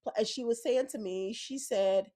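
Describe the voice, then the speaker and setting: Woman podcast co-host, higher voice, earnest storyteller, emphatic and outspoken. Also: moderate pace, dark tone. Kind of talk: casual opinionated chat.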